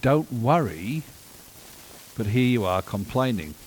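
A firm, reproachful God addresses a complaining people, as a preacher in mid-range voice puts him on. A faint hiss lies under the recording. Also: male voice, medium pitch, very animated, slow, darkish tone, poor audio. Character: stern but caring God scolding his people.

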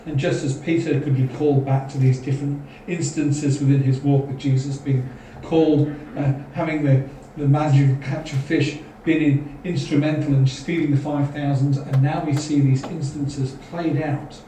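A man preaching a sermon, earnest and full of searching questions. His voice is mellow and dark. He sounds far from the mic in a heavily echoing hall, with faint noise behind. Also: fairly high pitch, flat delivery, normal speed, few pauses.

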